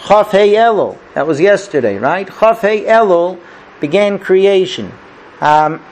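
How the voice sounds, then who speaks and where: High-voiced man teaching a chatty lesson. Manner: chatty, checks in with listeners by asking 'okay?' and 'right?'; tells stories and acts out the characters. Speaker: rabbi teaching a class. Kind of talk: conversational Torah lesson.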